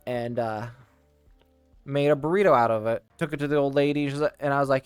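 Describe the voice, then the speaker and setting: Guy rambling through old work stories, lots of restarts, dry close sound, bit of music playing low behind. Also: steady tone, clean tone, no room sound. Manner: rambling, restarts and tangents, quick laughs. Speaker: streamer telling stories. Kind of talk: casual storytelling.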